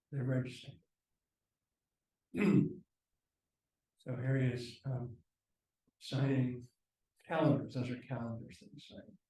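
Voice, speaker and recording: A man giving a slideshow lecture at a university, relaxed and halting, with frequent ums and restarts. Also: mid-range voice. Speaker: guest lecturer. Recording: echoey lecture room from far off.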